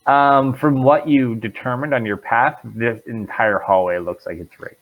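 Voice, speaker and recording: A man's voice: mid-range voice, steady tone, measured pace. A man as dungeon master, narrating a tabletop game and asking the players questions, thinking aloud with fillers. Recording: dull lo-fi stream audio.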